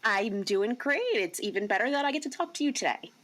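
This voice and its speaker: A woman's voice: mid-range voice, animated, brisk, a bit bright, slight background noise. A woman hosting a podcast, opening with a scripted introduction and putting friendly questions to her guest. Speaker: podcast host. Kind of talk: interview hosting.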